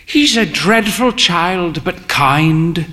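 A man's voice: high-pitched, expressive, very slow, sharp tone, voice pushed up, exaggerated voice. Man doing a quavering theatrical old woman. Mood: arch, dramatic. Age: older. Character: frail proud old woman in furs, eerily cheerful. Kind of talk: storybook reading.

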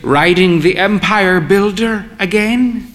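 Guy doing a shaky high old lady in furs, proud and a bit spooky-cheerful, storybook reading. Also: takes it slowly, a bit bright. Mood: arch, dramatic. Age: older. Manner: high quavering, theatrical.

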